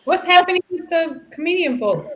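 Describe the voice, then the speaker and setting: A woman's voice: very high-pitched, lively intonation, a little fast, a little hiss or hum. A woman comedian on a video call, making dry, wry remarks. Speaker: comedian contestant. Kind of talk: casual banter.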